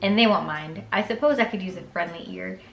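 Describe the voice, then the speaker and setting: A woman reading a gentle, warm mother. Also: on the low side, fairly quick, creaky, echoey room. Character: warm, caring middle-aged mother.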